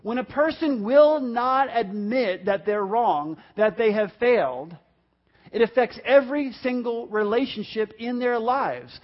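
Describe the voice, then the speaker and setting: A man's voice: extremely high pitch, measured pace, muffled recording. A man preaching earnestly as pastor, reading scripture and introducing a guest. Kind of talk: sermon.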